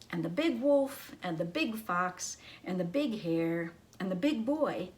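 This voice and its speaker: A woman librarian reading a children's story aloud in an expressive, teacherly way. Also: fairly low pitch, a little slow, few pauses.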